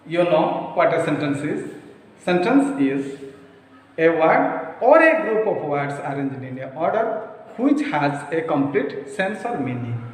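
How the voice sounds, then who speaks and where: Slow, lively Indian English teacher. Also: male voice, fairly high pitch. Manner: slow, emphatic, spells out words one at a time. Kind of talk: classroom grammar lesson. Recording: echoey room, voice far from the mic.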